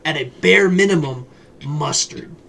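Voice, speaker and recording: A man's voice: fairly high pitch, a little slow, creaky, a bit bright, slight background noise. A man co-hosting a podcast, chatting casually and ranting bluntly with plenty of swearing. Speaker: podcast co-host. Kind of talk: casual chat.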